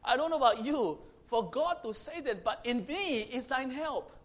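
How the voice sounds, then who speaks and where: A man with a high-pitched voice preaches a sermon. He moves between booming proclamations and hushed, close passages, and drives his points home by repeating phrases. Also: lively intonation, normal speed. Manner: swings from loud proclaiming to hushed intimate tones; repetitive, emphatic phrasing.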